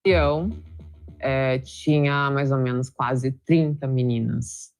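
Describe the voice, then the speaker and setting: Soft-spoken low-voiced woman. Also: steady tone, faint music behind. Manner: soft-spoken, hesitant, with many pauses and fillers. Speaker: interviewee. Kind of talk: recounting a personal experience in an interview. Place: indoors, seated on a couch.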